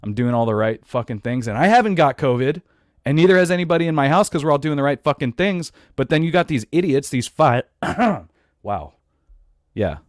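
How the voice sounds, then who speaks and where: A man's voice: medium pitch, no echo, studio quality. Profane ranting male podcast host. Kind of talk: casual ranting chat.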